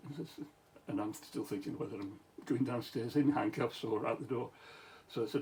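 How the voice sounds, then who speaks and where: A man's voice: mid-range voice, a little fast, few pauses, darkish tone, slight background noise, poor audio. A tired middle-aged Scottish man, a former police officer, telling a meandering story late at night with many restarts, asides and chuckles.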